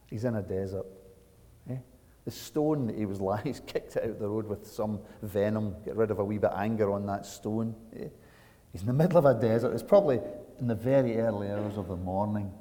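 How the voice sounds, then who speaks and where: A man from Britain preaching a sermon, swinging from hushed asides to loud, dramatic emphasis and checking in with the congregation. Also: on the low side, measured pace. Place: church sanctuary. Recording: long church reverb.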